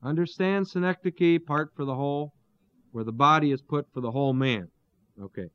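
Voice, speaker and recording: A man teaching through a Bible passage verse by verse, pausing to explain terms and asking his listeners rhetorical questions. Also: fairly high pitch, fairly bright tone, clear, resonant tone, no room sound. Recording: dull, lo-fi dry recording.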